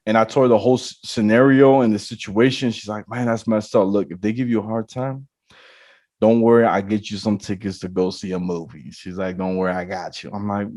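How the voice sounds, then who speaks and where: A man with a lowish voice talks a little fast, and there's no echo. He's a podcast host casually spinning a long story, animatedly acting out the dialogue of the people in it.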